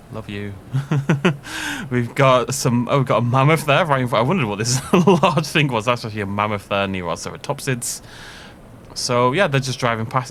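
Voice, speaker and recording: A man giving a casual, upbeat commentary on a video game park tour, chatty and quick to laugh at his own jokes. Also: lowish voice, a bit bright, a little hiss or hum.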